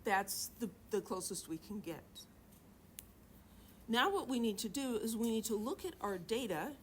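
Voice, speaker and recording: A woman's voice: fairly high pitch, animated, unhurried, slight background noise. A middle-aged woman teaching a chemistry class, chatty and joking, asking students questions in a classroom. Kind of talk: classroom lecture.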